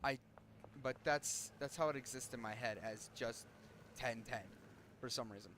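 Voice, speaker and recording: A man's voice: medium pitch, normal speed, a bit bright, slight background noise. Young male streamer, casual game commentary, rambly, restarts sentences a lot, mid-range voice. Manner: rambling, self-interrupting, trails off. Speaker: gaming streamer.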